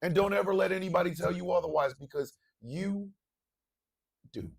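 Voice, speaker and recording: A male morning show host, delivering an impassioned monologue, repeating phrases and swinging from low murmurs to shouting. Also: moderate pace, gravelly, distant mic.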